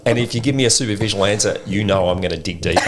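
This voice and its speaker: An Australian man co-hosting a podcast, chatting casually and telling animated stories with frequent laughter. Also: fairly low pitch. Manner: animated storyteller, laughs often. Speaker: podcast co-host. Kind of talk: casual chat.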